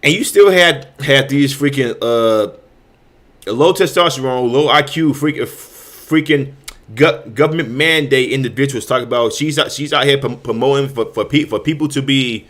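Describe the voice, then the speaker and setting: A male show host with a mid-range, fairly bright voice rants at a normal speed. His heated commentary keeps restarting, stammering over repeated words and peppered with frequent swearing.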